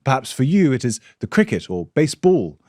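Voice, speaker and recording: A man hosting a podcast, explaining at a measured pace with some stammering restarts. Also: medium pitch, very animated, darkish tone, no echo, studio quality. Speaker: podcast host. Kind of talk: interview and read ad.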